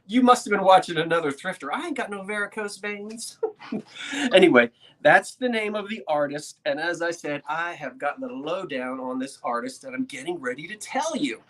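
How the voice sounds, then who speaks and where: An animated antiques reseller from South Jersey, USA talks at normal speed in a medium-pitched, fairly bright voice. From a desk with a laptop indoors, they show a painting to a live chat in a casual, rambling way, often laughing as the suspense builds.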